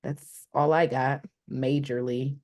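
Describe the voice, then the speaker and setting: A young woman with a Detroit accent, co-hosting a casual podcast chat, animated and quick to laugh, acting out the voices of people she quotes. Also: very deep voice. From Detroit, Michigan. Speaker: podcast co-host.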